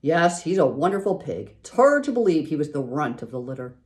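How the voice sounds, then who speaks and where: A woman's voice: sits low, sing-song, fairly quick, darkish tone. A woman voicing a plain-spoken farmer father in a read-aloud storybook. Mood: hearty.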